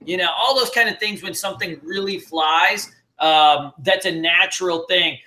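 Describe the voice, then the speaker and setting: A man hosting a casual live trading webinar from his home, talking in an energetic, loose, joking way with plenty of fillers. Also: sits high, normal speed. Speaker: webinar host and trading mentor.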